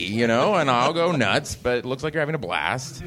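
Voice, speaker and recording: A man's voice: mid-range voice, very animated, fairly quick, a bit bright. A man on a live panel before an audience, rambling casually, laughing often and mimicking voices with swearing. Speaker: comedic performer on a live panel. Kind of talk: casual stage conversation.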